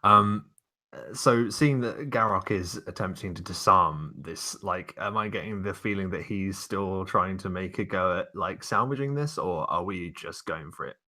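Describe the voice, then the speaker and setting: Player man, very low and husky, casual questioning chat. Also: moderate pace, sharp tone. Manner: questioning, hesitant. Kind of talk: casual tabletop game chat.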